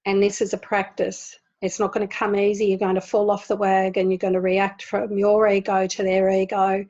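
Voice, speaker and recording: Woman, spiritual teacher, steady flat delivery, soft repetitions, dull video-call sound. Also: mid-range voice. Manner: gentle, repeats words for emphasis. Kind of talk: spiritual talk to an online group.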